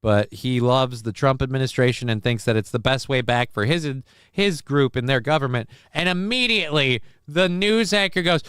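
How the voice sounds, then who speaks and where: A man's voice: mid-range voice, moderate pace, hardly any pauses, fairly bright tone, clean tone, no echo, clean studio sound. A man hosting a live show, reacting to clips in casual commentary, rambling and crude with plenty of fillers and swearing.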